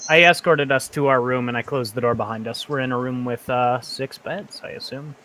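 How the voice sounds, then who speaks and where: A man playing a tabletop game, calmly describing his character's actions in first person. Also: medium pitch, fairly quick. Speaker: player. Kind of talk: casual tabletop role-play.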